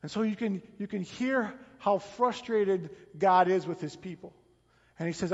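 A man's voice: high voice, a little slow. A man preaching a sermon, telling the story dramatically and often repeating words as he goes. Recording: long reverb, dull lo-fi sound.

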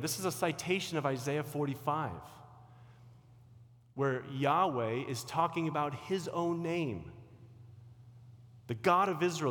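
A middle-aged man preaching a sermon, swinging between loud emphatic lines and quiet asides. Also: medium pitch. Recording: long hall reverb.

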